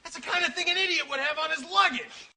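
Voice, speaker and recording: An actor playing an exasperated man who shouts about a stupid combination, in a film clip played on the radio. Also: very high-pitched, fast, vocal fry, exaggerated voice.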